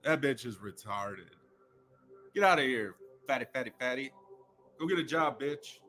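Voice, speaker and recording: A man's voice: medium pitch, expressive, moderate pace, sharp tone, soft background music. A man hosting a livestream, trading crude insults and taunts with a caller and his viewers. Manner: profane, taunting, repetitive. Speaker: livestream host.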